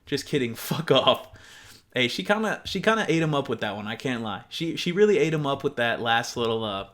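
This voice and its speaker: A man's voice: mid-range voice, sing-song, fast talker, a bit bright. A man giving casual reaction commentary, exasperated and sarcastic, swearing freely and often laughing as he reads. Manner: laughs often while reading. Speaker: reaction video host.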